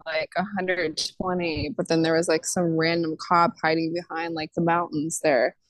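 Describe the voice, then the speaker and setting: A woman's voice: low voice, little pitch movement, normal speed, no echo, low-quality recording. A young woman from Georgia chatting with strangers, telling a rambling, profane story. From Savannah, Georgia. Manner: loose, rambling storyteller, swears freely. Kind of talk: casual chat. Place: airport or hotel area.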